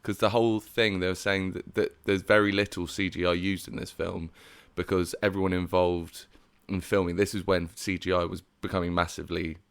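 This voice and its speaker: A man's voice: sits low, little pitch movement, a little fast, gravelly, smooth, no echo. A man co-hosting a casual film review chat, enthusiastic, swearing and laughing often. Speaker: podcast co-host.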